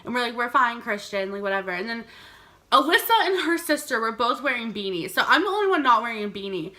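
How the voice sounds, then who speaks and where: A woman's voice: on the high side, big pitch swings, fast, pushed and bright. A young woman vlogger telling a storytime, chatty and giggly, saying "like" all the time. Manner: chatty, heavy use of "like", giggly. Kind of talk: storytime vlog.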